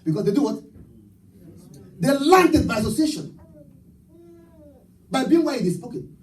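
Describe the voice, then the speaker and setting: A man's voice: very high-pitched, big pitch swings, normal speed, recorded from a distance, rough recording. A man preaching a live church sermon, rousing the congregation with call-and-response and rhetorical questions. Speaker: pastor. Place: church sanctuary at a live service.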